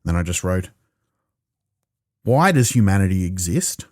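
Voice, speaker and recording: A man with an Australian accent doing a profane, animated stand-up set alone in his own room, stammering into restarts. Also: low voice, unhurried, no echo, studio quality. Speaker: stand-up comedian. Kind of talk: stand-up comedy performed alone.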